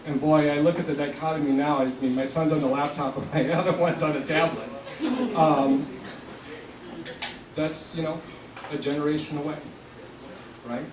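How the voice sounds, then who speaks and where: Speaking as a community organization leader, a man in his seventies from South Texas delivers an earnest, passionate public speech, now and then choked up with emotion. His fairly high voice keeps fairly even intonation at normal speed with frequent pauses, while a crowd is heard behind him. He is recorded far from the mic in an echoey hall.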